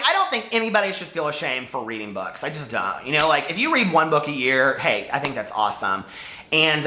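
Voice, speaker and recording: A man's voice: a little high, bright, forceful tone, reverberant. A man chatting casually to camera as a book vlogger, rambling and jumping between topics.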